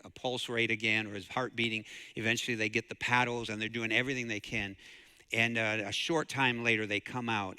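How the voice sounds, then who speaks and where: A man's voice: lowish voice, pushed and bright, clean tone, long reverb tail. A man from the preaching a sermon as pastor, telling a story and rising to fervent emphasis. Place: church sanctuary.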